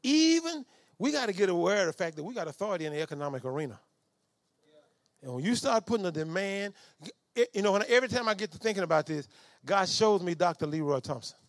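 A middle-aged man preaching a storytelling sermon. His voice sits high and has a gravelly fry to it. The sound is close and dry, and he jumps from quiet asides to shouted commands. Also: quick pace, no room sound. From Southern United States. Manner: animated, swings from low asides to shouted commands.

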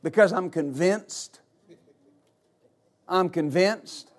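A male pastor preaching a sermon, rising into repeated, shouted exhortations to his congregation. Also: high-pitched, extremely slow. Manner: builds to shouted, repetitive exhortation.

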